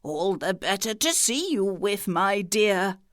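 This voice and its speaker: A woman voicing a crafty male wolf who puts on a sugary grandma voice and croaks his words, in a children's storybook reading. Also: medium pitch, very animated, slow pace, no room sound, clean studio sound.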